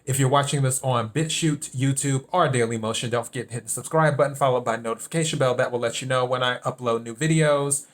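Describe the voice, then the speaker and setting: A man's voice: medium pitch, fast, few pauses. Emphatic man hosting a solo commentary podcast. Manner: emphatic, repeats key points. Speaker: podcast host. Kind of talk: solo political commentary monologue.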